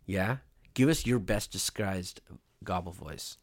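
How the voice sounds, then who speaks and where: A man in his thirties, a dad co-hosting a family podcast with his kid, teasing with deadpan jokes. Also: low-pitched, slow. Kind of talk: joking family podcast chat.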